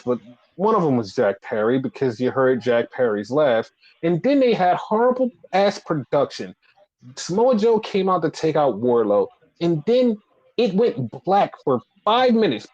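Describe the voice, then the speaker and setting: A man's voice: on the high side, darkish tone, no room sound, muffled recording. A man co-hosting a casual wrestling podcast, ranting in a profane, exasperated way. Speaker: podcast co-host.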